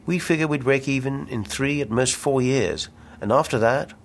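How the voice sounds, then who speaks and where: A man's voice: mid-range voice, normal speed, pitched above the performer's own voice, natural voice. A man voicing a brash, ambitious businessman with big schemes, reading the dialogue aloud in a pushy salesman's patter. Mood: excited. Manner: salesman patter, insistent and grandiose.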